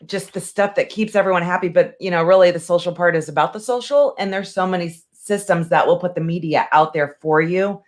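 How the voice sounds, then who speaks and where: A woman's voice: fairly low pitch, fairly even intonation, a little fast, hardly any pauses. A woman in her forties co-hosting a casual business chat, talking in a chatty, rambling way with many fillers. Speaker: co-host, real estate agent.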